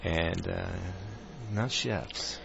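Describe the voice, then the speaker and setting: A man's voice: low voice, creaky, fairly bright tone, muffled recording, a little hiss or hum. A man co-hosting a local talk show, joking in casual chat with stops and restarts. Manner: joking, rambling, halting restarts. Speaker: co-host of local afternoon show.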